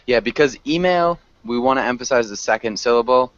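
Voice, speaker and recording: A man's voice: medium pitch, animated, a little fast, hardly any pauses, dry recording, dull audio. A man teaching an English class online, patiently correcting pronunciation with frequent ums.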